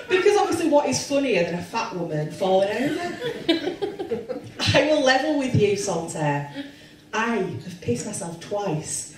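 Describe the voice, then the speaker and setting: A woman in her forties performing a stand-up comedy set, self-deprecating and bawdy with deadpan asides. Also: medium pitch, a little slow, recorded from a distance, noisy background. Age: 40s. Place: comedy club stage with audience. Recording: roomy live club sound with crowd laughter.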